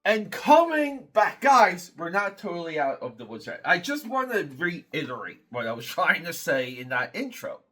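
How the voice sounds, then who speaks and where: A man's voice: high voice, very animated, normal speed, hardly any pauses, sharp tone. A man hosting a casual comic book review, rambling and critical, with many fillers and restarts.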